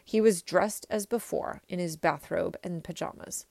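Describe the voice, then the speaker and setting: A woman reading a children's story aloud in an expressive first-person way. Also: lowish voice, moderate pace, creaky, no echo. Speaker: reader.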